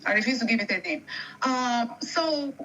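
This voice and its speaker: A woman's voice: on the high side, animated, moderate pace, crowd noise, low-quality recording. A woman calling in by phone, hesitant and full of fillers, on an unstable line. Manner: hesitant, many fillers and restarts. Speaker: caller. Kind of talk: phone-in comment.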